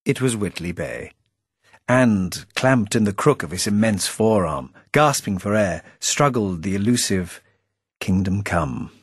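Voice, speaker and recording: Husky, wry man reading a thriller aloud. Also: lowish voice, expressive, measured pace. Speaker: author reading his novel. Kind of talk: audiobook narration.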